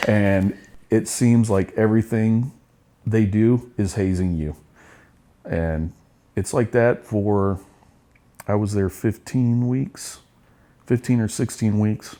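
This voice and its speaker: A middle-aged man tells his stories with blunt, profane humor. His voice sits on the low side. He talks like a veteran guest in a relaxed interview. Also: takes it slowly, pauses often. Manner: blunt, profane, laughing storyteller. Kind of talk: casual storytelling interview.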